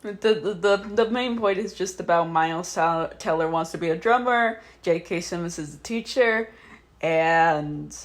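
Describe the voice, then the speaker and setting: A man talking casually on a podcast in a hesitant, stop-and-start way. He trips over his own sentences and often laughs through them. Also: high voice. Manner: halting, restarts a lot, laughs through his words. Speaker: podcast co-host.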